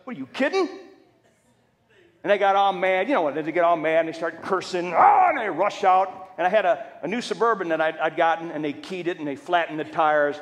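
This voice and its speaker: A middle-aged man preaching a storytelling sermon, animated and humorous as he acts out quotes. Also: a little high, a little fast, few pauses. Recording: reverberant church hall.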